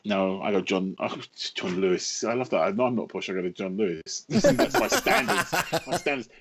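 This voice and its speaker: A man in his fifties from England, a writer talking as a podcast guest, telling wry, self-mocking stories in an animated way. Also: deep voice, brisk, slight background noise. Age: 50s. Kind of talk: casual podcast chat.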